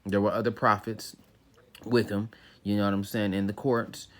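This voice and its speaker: A man with a fairly low voice teaches scripture as casual talk. He reads a verse, then unpacks it in relaxed street slang and keeps checking in with his listeners. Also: moderate pace, slight background noise. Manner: loose and conversational, reading verses then explaining them in slang; often repeats "you know what I'm saying".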